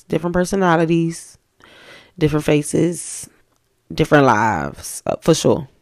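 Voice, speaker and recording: A young woman hosting a podcast, telling stories in a blunt, profane, animated way. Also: fairly low pitch, no echo, clean studio sound. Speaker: podcast host. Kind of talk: casual storytelling.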